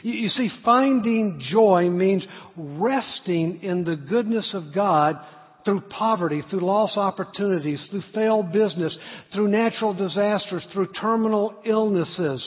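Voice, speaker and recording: High, husky-voiced male preacher. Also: a little slow. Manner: storytelling, earnest, builds to loud emphasis. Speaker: pastor. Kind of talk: sermon. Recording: tinny echoey hall recording.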